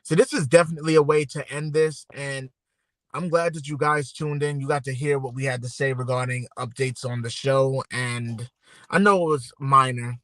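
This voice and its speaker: Bright-voiced laid-back male podcast host. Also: medium pitch, steady tone, normal speed, no room sound. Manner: laid-back, rambling, talks straight to viewers. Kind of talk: casual livestream chat.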